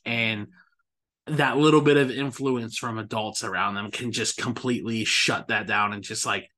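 A man's voice: medium pitch, bright, forceful tone. A man hosting a podcast interview over a video call, speaking candidly about his own experiences. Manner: candid, reflective, personal. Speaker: podcast host.

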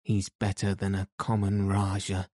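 A man voicing a stubborn, sharp-tongued young girl with blunt, sour retorts. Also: sits low, monotone, measured pace, no room sound, studio quality. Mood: heated.

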